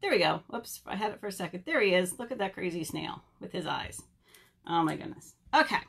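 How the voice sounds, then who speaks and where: A woman's voice: fairly low pitch, expressive, brisk, gravelly, a bit bright, breathy edge. A young woman, a children's librarian, leading a virtual storytime and asking kids questions in a playful way. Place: home or library, on video.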